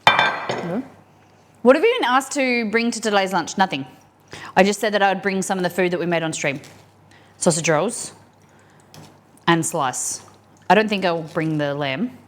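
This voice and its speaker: A young Australian woman cooks on a live stream in her home kitchen and keeps up a loose, rambling chat with viewers as she works. Her voice sits at an everyday middle pitch. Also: moderate pace, pauses often. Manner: chatty, rambling, talks to chat while cooking. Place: home kitchen set up as a studio.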